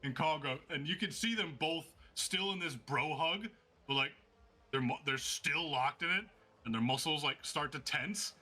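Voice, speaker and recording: A man runs a tabletop game, narrating a brawl blow by blow with eager energy. His voice is slightly high, sharp and bright, with a husky grain. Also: normal speed. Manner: excitable, laughing, vivid play-by-play. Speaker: game master.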